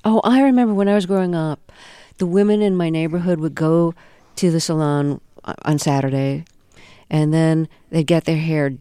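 Mellow smooth interviewer voice. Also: mid-range voice, moderate pace, no echo. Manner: probing, conversational. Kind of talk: interview questions.

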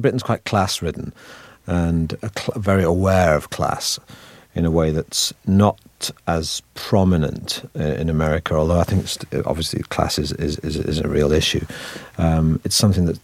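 A man with a Manchester accent talks through an interview as a guest actor. His voice sits very low, and he keeps a wry, self-deprecating tone while winding through thoughts with restarts. The sound is dry and close. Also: darkish tone, dry recording. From Manchester, northern England. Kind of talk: relaxed interview chat.

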